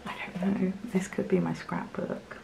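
A young woman from England unboxing gifts in her home craft studio, chatty and excitable, with fillers and little laughs. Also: lowish voice, normal speed, gravelly, background noise. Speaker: craft vlogger. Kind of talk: casual unboxing chat to camera.

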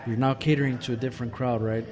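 Guy hosting a podcast, mid-pitch voice, rambly casual chat, lots of "i mean". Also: fairly even intonation, quick pace, a crowd in the background. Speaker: podcast host.

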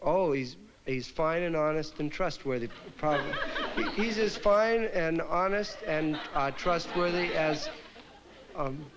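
A bumbling, rambling stage emcee with a fairly high voice, stumbling and correcting himself. The old TV soundtrack is noisy, with a loud crowd around him. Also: male voice. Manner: rambling, halting, self-correcting. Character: bumbling man stage performer introducing his act. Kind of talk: comic stage introduction.

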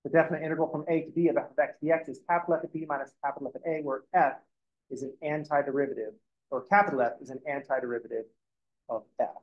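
A man's voice: on the high side, steady tone, rapid-fire, highs cut off. Chatty man lecturing a class. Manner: chatty, joking asides to students. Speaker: math lecturer.

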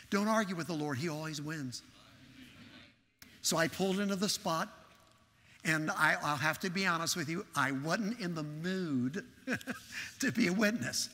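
A Texan man with a high, sharp-toned voice preaches a sermon in a large church sanctuary, telling a story and animatedly acting out its dialogue. The recording has a long hall reverb.

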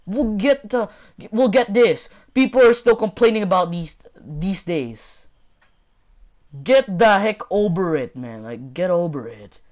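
A woman's voice: lowish voice, measured pace, a little mellow. A woman ranting in a casual vlog, rambling and exasperated, packed with fillers and repetition. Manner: exasperated, mocking. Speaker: YouTuber.

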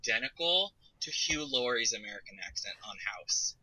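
A woman co-hosting a podcast in casual chat, adding animated asides. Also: rumbling low, normal speed, poor audio. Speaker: podcast co-host.

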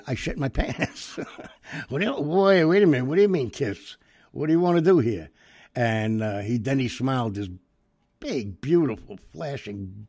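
An older man casually telling an anecdote in a rambling way, acting out the dialogue with lively voices. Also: fairly low pitch, gravelly, slightly rough, dry recording. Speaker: storyteller.

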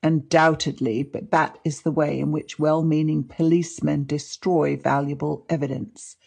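Woman playing a calm precise detective, measured, dark, gravelly voice. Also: low voice, full character voice. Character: calm, precise male forensic doctor-detective.

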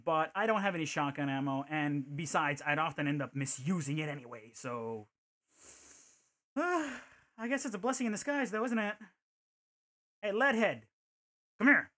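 A man's voice: on the high side, normal speed, fairly bright tone. A man streaming a video game, chatting casually and thinking aloud, with playful joking asides. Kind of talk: casual gameplay commentary.

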